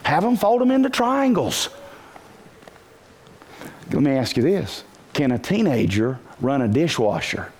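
A man preaching a sermon to a congregation, animated, asking rhetorical questions and breaking into bursts of shouting. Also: mid-range voice, normal speed. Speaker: pastor.

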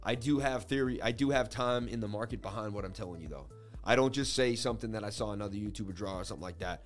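A man's voice: fairly low pitch, fast talker, soft background music. A man hosting a casual market-analysis livestream, rambling in a conversational, self-assured teaching way. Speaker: host.

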